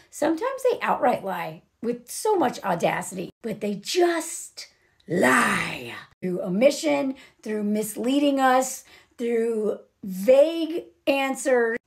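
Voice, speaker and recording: A young woman giving a casual, sarcastic film recap, animated, and peppering her talk with "like" and "literally.". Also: a little high, gravelly. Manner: animated, sarcastic, acts out characters' lines; frequent "like" and "literally" fillers. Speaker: vlogger.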